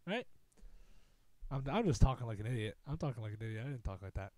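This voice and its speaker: A man's voice: mid-range voice, lively intonation, rapid-fire, warm tone, no echo. A young man hosting a podcast, telling a long rambling story in a casual, profane, self-mocking way. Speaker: podcast host.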